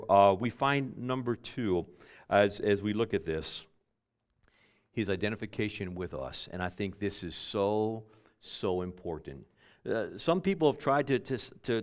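Man preaching with loud-soft swings. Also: lively intonation, moderate pace. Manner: swings from loud emphatic bursts to quiet low asides; folksy, with homespun illustrations and filler restarts. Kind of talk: sermon.

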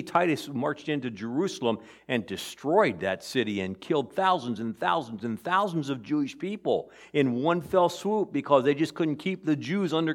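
Man preaching, loud to hushed. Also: a little high. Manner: conversational preaching that swings between loud emphasis and quiet asides. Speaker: pastor. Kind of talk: sermon.

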